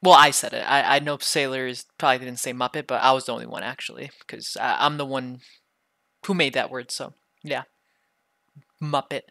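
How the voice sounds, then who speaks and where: A young man with a sore throat from illness voices a bratty, foul-mouthed ASMR role-play, teasing and bargaining as he talks. His tone is bright and forceful. The sound is close and dry, with no room echo. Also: mid-range voice, steady tone, moderate pace, gravelly. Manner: bratty, teasing, heavy swearing.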